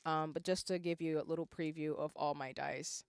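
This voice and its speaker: A young woman, chatting casually on a livestream while she works on lace, saying y'all a lot and breaking into excited squeals. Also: low-pitched, normal speed, clean tone, no echo. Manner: chatty, says "y'all" often, bursts into squealing yells. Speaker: streamer.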